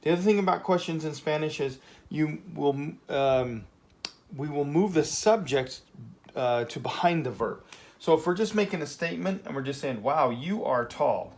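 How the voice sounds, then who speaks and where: A man teaching a casual Spanish lesson, chatty and relaxed, filling pauses with "um" and checking in with "okay?". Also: fairly high pitch, a little hiss or hum. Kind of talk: casual classroom lesson at a whiteboard.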